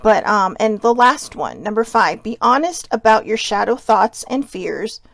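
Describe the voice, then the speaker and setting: A woman hosting a casual self-help talk, chatty and rambling, with quiet asides slipped in. Her voice has a gravelly fry to it. The sound is close and dry, with no room around it. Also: mid-range voice, animated, a little slow, no room sound. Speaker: host.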